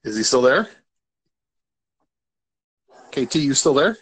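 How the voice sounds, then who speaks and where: A man hosts a casual chat in a relaxed, amused way, scattering "like" through his sentences. His voice sits in an ordinary middle range. The sound is dry and close to the mic. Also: mid-range voice, slow, husky, no echo. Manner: relaxed, amused, uses "like" often. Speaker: host.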